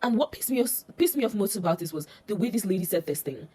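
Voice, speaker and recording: A woman's voice: medium pitch, expressive, quick pace, few pauses, mellow, husky, poor audio. A woman chatting about a TV drama, rambling and exasperated, with lots of fillers. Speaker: drama reviewer. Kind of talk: casual chat.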